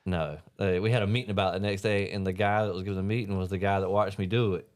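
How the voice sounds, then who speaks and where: A man with a drawl spins rowdy, profane stories in a relaxed podcast chat. He laughs through his tales and slips into quoted voices of friends and bosses. His voice sits a little low. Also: fast, clear, resonant tone. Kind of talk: casual storytelling chat.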